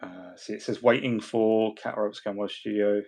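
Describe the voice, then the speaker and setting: A man's voice: fairly low pitch, fairly even intonation, moderate pace, darkish tone, faint music behind. A man hosting a casual hobby livestream in a chatty, joking, rambling way. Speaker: host.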